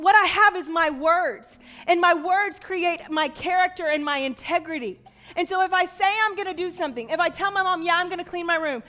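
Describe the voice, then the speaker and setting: A woman children's pastor giving an animated sermon to kids, telling a Bible story and talking straight to the children. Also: extremely high pitch.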